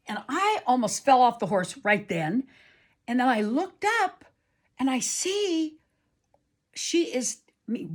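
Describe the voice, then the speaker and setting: A woman telling a personal story aloud to listeners in a chatty, animated way. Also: medium pitch. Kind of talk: live oral storytelling.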